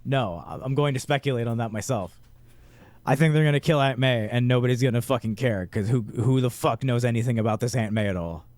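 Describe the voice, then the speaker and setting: A man's voice: medium pitch, a little fast, a little mellow, no echo. A man co-hosting a casual podcast, blunt and opinionated with frequent swearing. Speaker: podcast co-host. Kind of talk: casual chat.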